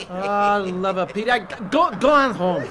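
An actor playing a gruff, impatient middle-aged police officer. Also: male voice, sits high, expressive, slow pace, a crowd in the background. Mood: exasperated.

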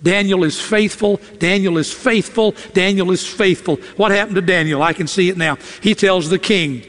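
Man, preacher, sermon, emphatic storyteller, high voice, long church reverb. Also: normal speed, hardly any pauses, fairly bright tone. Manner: emphatic, dramatic storytelling with repetition.

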